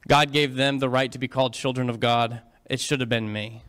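Man doing a proud fallen angel: low, hushed and sneering; sermon retelling. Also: steady tone, a little fast, lightly acted. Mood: scornful.

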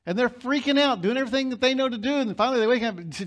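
A male pastor delivering a sermon in an emphatic, storytelling way. His voice sits high for a man, and he pushes his key lines to loud peaks. He retells scenes vividly and drives his points home. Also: racing.

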